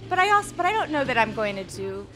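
A woman's voice: high voice, big pitch swings, quick pace, background noise. A young adult woman author in an interview, talking in a rambling, hesitant way full of fillers and restarts. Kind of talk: conversational interview.

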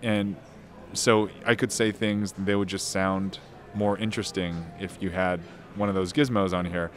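A man with a somewhat low voice talks through an answer about his own novel. He feels his way forward, trailing off, restarting and filling gaps with ums as he goes. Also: steady tone. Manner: thoughtful, halting, many restarts and fillers. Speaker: novelist guest. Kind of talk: casual interview answers.

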